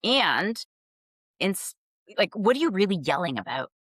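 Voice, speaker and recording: A woman's voice: medium pitch, big pitch swings, normal speed, fairly bright tone, dry recording, clean studio sound. A woman executive coach talking candidly and reflectively as a podcast guest, laughing lightly and posing questions to herself. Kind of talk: conversational podcast interview.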